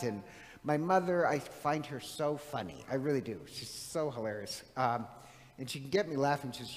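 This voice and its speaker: A middle-aged man preaching a conversational sermon as a priest, animated and chatty, often asking his listeners questions. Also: medium pitch, normal speed. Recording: long reverb of a large hall.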